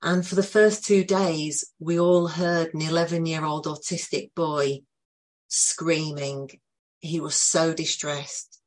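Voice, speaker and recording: A woman telling an emotional personal story to a group, earnest and full of pauses. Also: low voice, steady tone. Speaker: group participant sharing a story.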